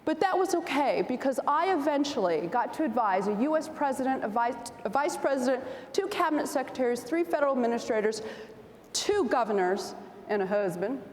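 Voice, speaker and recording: A woman in her forties giving a storytelling speech at a convention, animated and acting out the voices in her anecdotes. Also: high-pitched, brisk, slight background noise. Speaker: keynote speaker. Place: large convention hall. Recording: roomy hall reverb, faint ambience.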